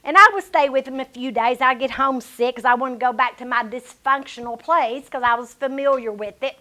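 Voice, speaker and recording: A middle-aged woman preaching a sermon in a high, bright voice. She tells personal stories and swings between emphatic, ringing declarations and hushed, intimate asides. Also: a little fast. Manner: personal storytelling.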